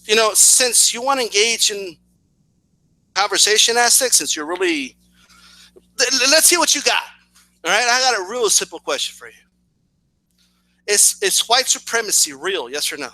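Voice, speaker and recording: A man's voice: high-pitched, expressive, moderate pace, long pauses, bright, forceful tone, no room sound, poor audio. A man hosting a video channel, firing off a challenging response to a rival. He talks in a sarcastic, repetitive way, restarting phrases and asking "right?" again and again. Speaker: boxing commentary channel host.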